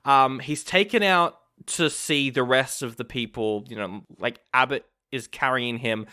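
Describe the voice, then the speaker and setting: A man's voice: mid-range voice, unhurried, smooth. A man co-hosting a podcast who recaps film scenes casually, quoting lines and laughing often. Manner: retells scenes with lively quotes, laughs often. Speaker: podcast co-host. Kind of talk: casual chat reviewing an old film.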